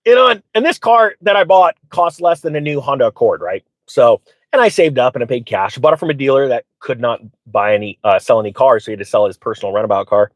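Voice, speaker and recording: A middle-aged man of ordinary pitch rambles through personal stories for his viewers, jumping into quoted voices. The sound is dry and close, with no room around him. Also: fast talker, no room sound. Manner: rambling, animated retelling with quoted voices and frequent fillers. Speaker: channel host. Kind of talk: casual storytelling to viewers.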